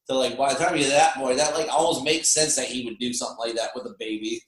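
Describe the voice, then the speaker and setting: A man guesting on a podcast, chatting casually about a film in a relaxed, crude, filler-heavy way. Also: medium pitch, fast talker, echoey room.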